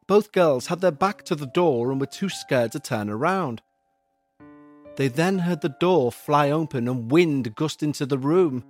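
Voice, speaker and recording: A man narrating a scripted horror story for a podcast, with a measured, suspenseful delivery. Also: a little high, animated, darkish tone, soft background music.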